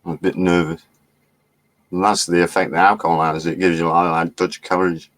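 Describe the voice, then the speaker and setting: A man's voice: deep voice, little pitch movement, fairly quick, fairly bright tone. A middle-aged man chatting loosely on a livestream, laughing often and swearing now and then as he reads the chat. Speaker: livestream host. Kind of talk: rambling live-stream chat.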